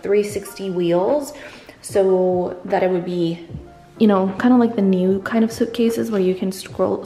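A woman's voice: medium pitch, a little mellow. A young woman chats casually to her camera as she sets up for an open house, filling her talk with "um" and "like." Her voice rings in the bare rooms of an empty new house, with faint music playing somewhere behind her. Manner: chatty, many fillers like "um" and "like". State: a little out of breath. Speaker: real estate agent vlogger. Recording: roomy echo in an empty house.

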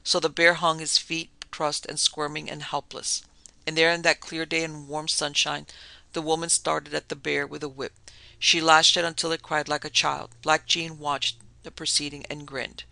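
A man narrating a spooky tale in a measured storytelling manner. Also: fairly high pitch, little pitch movement, creaky, sharp tone, no room sound, poor audio. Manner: storytelling, measured, dramatic dips.

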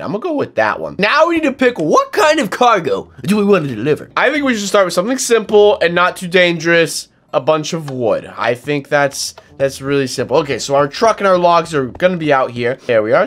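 A young man giving excited, playful commentary on a video game as he plays, with an exaggerated, energetic delivery. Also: on the high side. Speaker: gaming YouTuber. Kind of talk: excited let's-play commentary.

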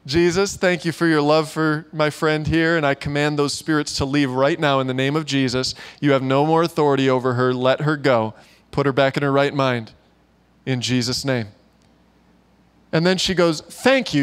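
A man preaching to a church gathering, telling a story in a lively way and acting out the voices of the people in it. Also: on the high side, moderate pace, clean tone. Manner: animated storyteller who acts out quoted voices and laughs often. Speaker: pastor. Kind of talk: sermon storytelling. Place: church meeting room.

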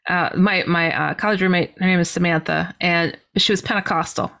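A woman, a podcast guest, telling a personal story in an animated way, filling her speech with "you know". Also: fairly low pitch, fairly quick, vocal fry.

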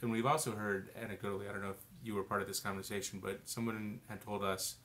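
A man co-hosting a casual live-stream discussion, thinking aloud in a relaxed way with lots of "you know" and "like". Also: fairly low pitch, fast talker. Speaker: co-host.

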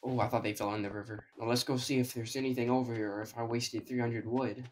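A man's voice: medium pitch, steady tone, fast, slight background noise. Sarcastic young guy cursing over gameplay. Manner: sarcastic, profane, talks to himself. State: strained voice. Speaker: gaming video creator. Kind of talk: casual gameplay commentary.

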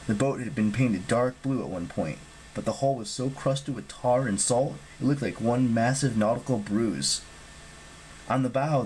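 A man reading an audiobook as narrator, steady with occasional slips. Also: mid-range voice, a little hiss or hum, low-quality recording. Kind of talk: scripted narration.

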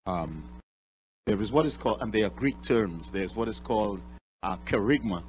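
A man presenting at an awards ceremony, speaking in a measured way, spelling out terms, with many pauses and fillers. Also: on the low side, lively intonation, slight background noise, poor audio. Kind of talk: ceremonial speech.

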